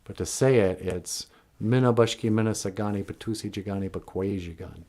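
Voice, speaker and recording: A man's voice: lowish voice, a little fast, a little mellow. A man, a cartoonist and puppeteer, telling a comic story in a folksy, digressive way.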